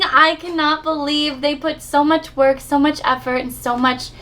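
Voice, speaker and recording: A woman's voice: high voice, flat delivery, moderate pace, bright, forceful tone, soft background music. A young woman chatting through an unboxing video, bubbly and gushing, with frequent gasps and giggles. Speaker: unboxing vlogger. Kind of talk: casual unboxing chat.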